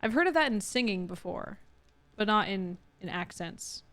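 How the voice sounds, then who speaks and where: A woman with a Californian Valley Girl accent, chatting casually with her viewers while playing a game. She says "like" a lot, with upward inflection and a touch of vocal fry. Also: medium pitch, lively intonation, moderate pace, a bit bright. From California, USA. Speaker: gaming streamer. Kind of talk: casual let's-play chat with viewers.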